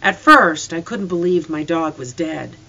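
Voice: mid-range voice, animated, unhurried, gravelly, sharp tone, highs cut off. A reader narrating a storybook in first person with an earnest, emotional delivery.

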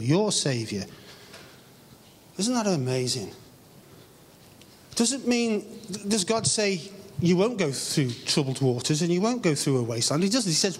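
Earnest English pastor preaching in a hall. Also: male voice, sits high, breathy edge. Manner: earnest preaching, drawn-out emphatic phrases. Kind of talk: sermon. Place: church hall. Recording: live stream with long hall reverb.

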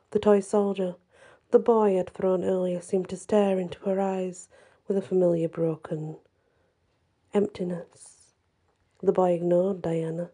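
A woman narrates a dark fairy tale in a measured, somber way. Her voice is low-pitched and mellow, with a breathy, husky grain. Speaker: storyteller.

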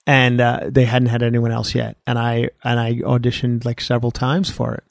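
Male comedian guest, gravelly mid-pitched voice, rambling anecdotal podcast chat, dry studio sound. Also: completely flat delivery, moderate pace, no echo. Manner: rambling storyteller, full of fillers and restarts.

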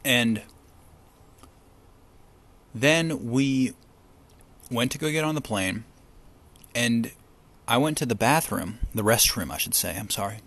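A man vlogging while he eats, telling a story to camera in a chatty, relaxed way and acting out the people he quotes. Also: mid-range voice, slow pace, pauses often.

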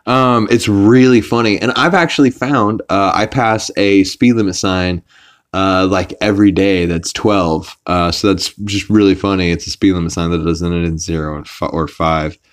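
A man hosting a podcast, casually recapping a cartoon episode in a rambling way with fillers and quick put-on voices for quotes. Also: low-pitched, fairly even intonation. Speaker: podcast host.

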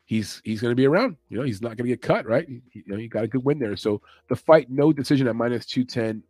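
A man's voice: mid-range voice, animated, fast, darkish tone, no room sound. A man hosting a casual sports betting podcast, loose and chatty, thinking aloud as he goes. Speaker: MMA betting podcast host. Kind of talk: casual chat.

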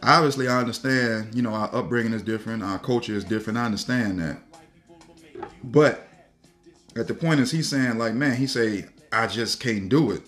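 A man rambles through a profane story in a loose podcast chat, laughing and circling back on his own words. His voice sits at an ordinary middle pitch, and faint music plays underneath. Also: normal speed, a bit bright. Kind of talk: casual storytelling rant.

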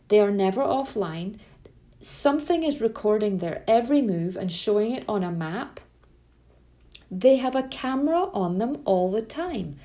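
Earnest middle-aged woman coach, mellow voice. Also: a little high. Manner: emphatic, repeats words for stress, tells anecdotes. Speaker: parenting coach. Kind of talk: earnest spoken talk to parents.

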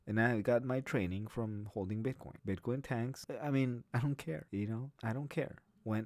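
A man's voice: mid-range voice, no room sound. A man hosting a solo podcast, talking bluntly and profanely in a rambling way with many restarts. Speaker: podcast host. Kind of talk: casual solo podcast monologue.

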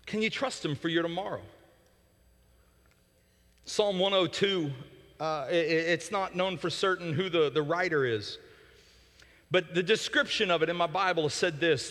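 Impassioned preacher man, bright and high. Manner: impassioned, rising to near-shouting peaks then dropping to soft prayer; repeats words in quick restarts. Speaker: pastor. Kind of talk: sermon. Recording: long hall reverb.

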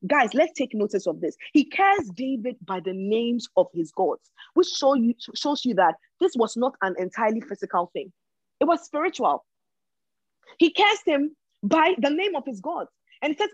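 Female preacher with a husky voice, delivering a sermon in a dry, dull recording, repeating lines for weight. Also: fairly high pitch, very animated, normal speed, no echo. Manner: repeats phrases for emphasis.

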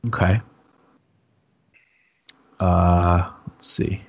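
Brief: raspy male podcast co-host, low husky voice, muffled lo-fi sound. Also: steady tone, drawn-out words. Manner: steers the show along. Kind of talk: casual chat.

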